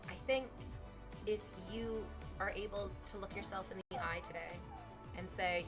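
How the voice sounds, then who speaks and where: A woman's voice: mid-range voice, fairly quick, bright, forceful tone, faint music behind. A woman streaming from home, chatting casually with viewers in a playful, teasing way, swearing freely.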